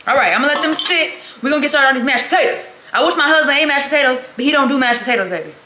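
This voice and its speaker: A woman's voice: high voice, animated, very fast, pushed and bright. Chatty pregnant woman cooking at home. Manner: chatty, calls viewers "girl" and "y'all". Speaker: vlogger. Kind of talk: casual chat while cooking. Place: home kitchen.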